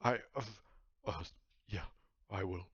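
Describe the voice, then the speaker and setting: A man's voice: sits low, slow, breathy edge, dry recording, highs cut off, full character voice. A man voicing a remorseful, meek male talking cloak that stammers out apologies. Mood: sheepish.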